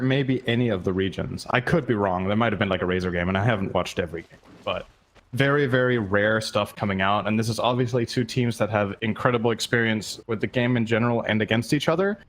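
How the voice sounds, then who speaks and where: A man's voice: mid-range voice, a little hiss or hum. A man commentating an esports match live, breaking down plays analytically and thinking aloud. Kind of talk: casual live game commentary.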